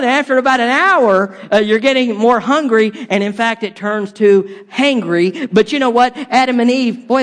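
A man preaching a humorous sermon as pastor, animated and swinging between loud punchlines and quiet dramatic drops. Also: extremely high pitch.

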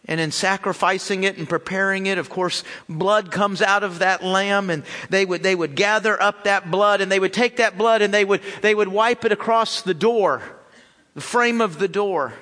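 A man's voice: sits high, steady tone, moderate pace, bright, forceful tone, long reverb tail. A man preaching a sermon and reading scripture in an earnest way, repeating his phrases, in a church sanctuary. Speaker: pastor.

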